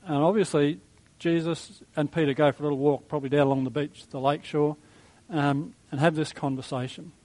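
A man preaching a sermon in a conversational, reflective way, with soft chuckles. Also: fairly high pitch, steady tone, brisk, rough recording. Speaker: pastor.

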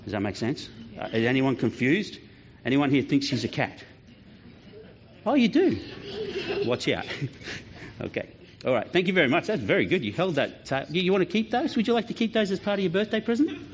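A man's voice: on the high side, very animated, a little hiss or hum. Playful man talking to kids. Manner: playful, joking, quick questions to the kids. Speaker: children's pastor. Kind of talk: lively children's talk in church. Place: church hall. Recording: dull lo-fi church sound.

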